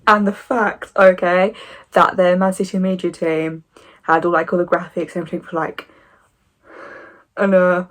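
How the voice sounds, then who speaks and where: A woman in her twenties talking casually to camera as a football fan vlogger, animated and opinionated with sarcastic asides. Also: fairly low pitch.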